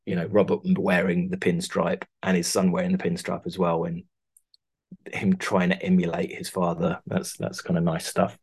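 A man's voice: low voice, creaky, husky. A man, a costume designer talking casually in an interview, rambling with many restarts. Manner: rambling, many restarts, laughs through stories.

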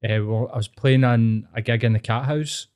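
A man's voice: medium pitch, darkish tone, clean tone. A young Scottish man in casual podcast chat, blunt and sweary. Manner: blunt, sweary, quick talker.

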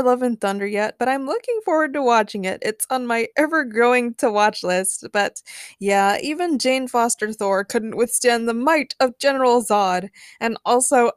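A woman with a fairly high voice hosts a podcast, chatting playfully before narrating short fan stories in a storybook style. She's upbeat and giggles at her own jokes, and the recording is dry and clean, with a studio sound.

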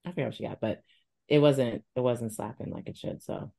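A woman co-hosting a podcast in casual chat, relaxed and rambling, often trailing off quietly. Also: extremely low pitch, brisk, gravelly. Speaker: podcast co-host.

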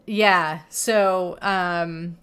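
A woman in relaxed conversation, walking through a film's plot scene by scene. She laughs often and tosses in amused asides as she recaps. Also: on the low side, drawn-out words, smooth. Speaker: podcast co-host. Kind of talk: casual film discussion.

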